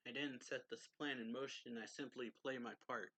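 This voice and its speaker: A man's voice: medium pitch, steady tone, normal speed, a bit bright, breathy edge. Man reading as a haughty vampire noble. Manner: cold, dismissive.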